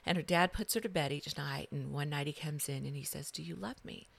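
A middle-aged woman with a notably low voice tells her story as a podcast guest. She swings between loud bursts and hushed passages. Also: fairly even intonation, brisk, vocal fry, no echo. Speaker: guest, author.

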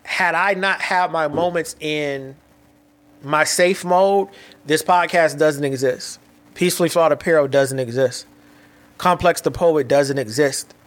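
A man in his thirties hosts a solo podcast, speaking frankly about his own struggles. His voice sits a little higher than most men's. He talks in loose, slangy sentences that often stop and restart. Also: a little slow. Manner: candid, reflective, with frequent restarts and casual slang. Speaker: podcast host. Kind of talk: solo motivational podcast monologue.

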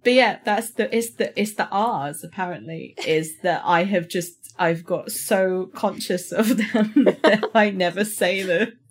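A woman's voice: medium pitch, unhurried, few pauses, slightly rough. A woman from Somerset with a British accent, co-hosting a casual book podcast and often laughing at herself. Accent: British English. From Somerset, England. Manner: self-mocking, laughs often. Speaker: podcast co-host. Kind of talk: casual chat.

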